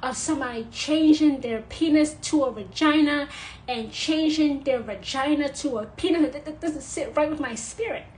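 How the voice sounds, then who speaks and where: A woman's voice: sits high, moderate pace, darkish tone, slight background noise, voice pushed up, natural voice. Prissy churchgoer, as a woman mimics one. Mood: disapproving.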